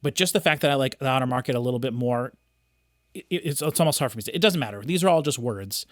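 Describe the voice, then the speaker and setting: A man's voice: mid-range voice, lively intonation, quick pace, dry recording, clean studio sound. Chatty man gushing about music. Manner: enthusiastic, rambling with many restarts and fillers. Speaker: music reaction host, audio engineer. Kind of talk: casual unscripted commentary.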